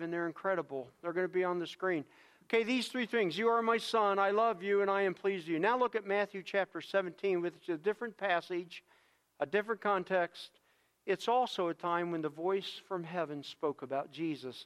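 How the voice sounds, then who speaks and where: A male pastor preaching with a high, smooth, clear voice. He is earnest and emphatic, repeats phrases for weight, and drops to a hush before rising again. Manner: swings between hushed and loud stretches. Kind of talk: sermon.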